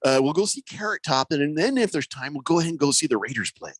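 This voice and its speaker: Talking fast with hardly any pauses, this man's fairly high voice swings widely in pitch and carries a breathy edge. He's a sports radio host who keeps the banter casual, cracking jokes, laughing a lot, and reading out messages from listeners. It's recorded in studio quality with no room sound.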